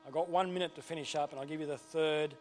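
A man preaching a sermon, emphatic, swinging between loud declarations and quiet, earnest passages. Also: on the high side, steady tone, quick pace, a little hiss or hum. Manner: emphatic preaching, rising and falling in intensity. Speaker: pastor.

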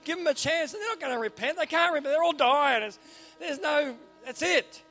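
A man putting on the voice of soft-hearted churchgoers, pleading and protesting for mercy. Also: very high-pitched, expressive, normal speed, faint music behind, pitched above the performer's own voice, exaggerated voice.

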